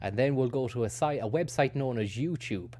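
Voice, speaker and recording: A man's voice: medium pitch, fairly quick, darkish tone. A man hosting a stream, rambling through casual, self-mocking commentary with sweary asides. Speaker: streamer host.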